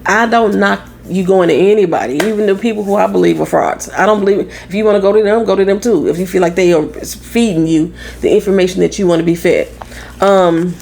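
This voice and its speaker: A young adult woman from St. Louis, now living in Florida, with a Midwestern accent gone a bit country, talking loud and blunt in a casual tarot vlog, swearing freely. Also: medium pitch, fairly quick, vocal fry, a little hiss or hum. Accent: Southern-tinged Midwestern American. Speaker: tarot reader.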